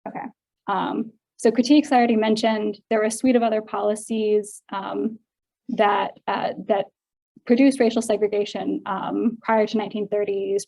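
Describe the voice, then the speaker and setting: A woman's voice: medium pitch, gravelly, dark tone, rough recording. A woman giving an academic seminar talk, explaining research carefully with frequent ums, her voice sounding tired. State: voice getting tired. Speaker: seminar speaker.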